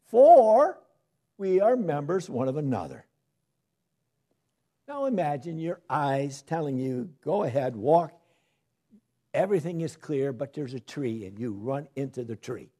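Male preacher, lively pitch, mellow husky tone, delivers a sermon with swings between loud emphasis and soft asides. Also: a little slow, pauses often.

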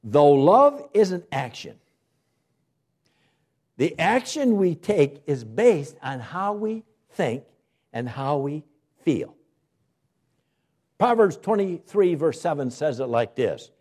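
Man preaching with a lively, swooping voice. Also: on the high side. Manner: preaching with dramatic pauses and emphatic rises. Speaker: pastor. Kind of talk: sermon. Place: church.

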